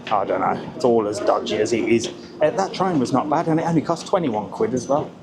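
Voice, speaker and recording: A man's voice: mid-range voice, animated, brisk, a crowd in the background. A man from Birmingham with a Brummie accent, vlogging casually on the move through train stations, chatty and grumbling, swearing offhand. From Birmingham area, England. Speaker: travel vlogger. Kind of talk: casual vlog. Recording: noisy station ambience.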